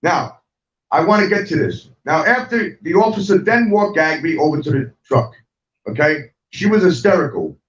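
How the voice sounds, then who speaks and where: Speaking straight to his viewers, a middle-aged online talk show host goes on a heated, profane livestream rant, angry and repetitive. He has a fairly high pitch, sounds very animated, and talks at normal speed. There's slight background noise, and the distant mic makes everything dull and roomy.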